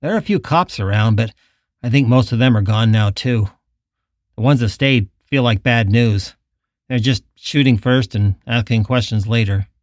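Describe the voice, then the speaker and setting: A man's voice: medium pitch, moderate pace, dry recording, studio quality, close to an everyday voice. A man voicing a weary gas station attendant who speaks bluntly and matter-of-factly. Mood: grim.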